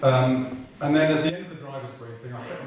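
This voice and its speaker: A middle-aged British man spins comic anecdotes in a chatty, irreverent way, swearing freely. His voice sits at a mid pitch and sounds far from the microphone. A strong roomy echo from a large hall surrounds every word. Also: brisk, darkish tone, slight background noise. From Britain. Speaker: racing driver guest. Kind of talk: comic anecdote telling at a live evening. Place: large room at a live talk event.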